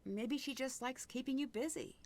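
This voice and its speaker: A woman voicing a polite, curious young detective in a mystery video game, even and dry. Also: sits high, moderate pace.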